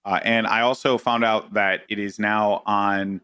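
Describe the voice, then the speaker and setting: A New York man talks through his stories in a relaxed podcast chat, his voice low-set but forceful and bright. He gets animated and leaps up in pitch whenever he quotes someone. The sound is dry and close. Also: a little slow, smooth, no echo. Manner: animated storyteller, jumps high when quoting people. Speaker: guest, esports and TV commentator.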